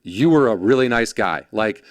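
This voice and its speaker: A man hosts a relaxed chat and tells stories with lots of swoop in his voice, jumping into quoted voices and laughing along. The sound is dry and close, with no room to it. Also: on the low side, moderate pace, no echo. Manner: animated storyteller, acts out quoted voices, laughs often. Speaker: podcast host. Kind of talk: casual interview chat.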